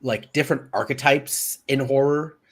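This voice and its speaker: A man's voice: medium pitch, moderate pace, fairly bright tone. A man co-hosting a casual movie review chat, rambling and searching for words with lots of fillers. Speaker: podcast co-host.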